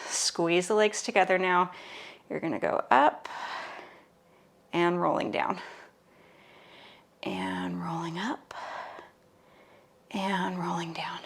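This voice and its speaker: A woman teaching a Pilates mat workout, cueing the moves casually and playfully while she does them herself. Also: mid-range voice. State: out of breath at times. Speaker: Pilates instructor. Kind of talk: guided workout instruction.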